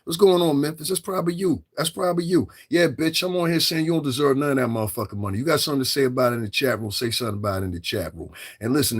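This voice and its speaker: A middle-aged man hosting his own livestream, cursing freely and challenging his viewers head-on. His voice is husky and sits at a middle pitch. He circles back over the same points with blunt repetition. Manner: profane, confrontational, repetitive. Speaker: livestream commentator. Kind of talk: livestream rant.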